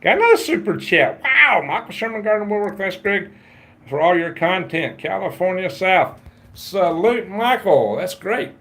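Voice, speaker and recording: Man, fifties, gravelly livestream host, folksy and rambling. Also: mid-range voice, fairly bright tone, slight background noise. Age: 50s. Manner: rambling, folksy, greets viewers and reads chat aloud. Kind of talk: casual livestream chat.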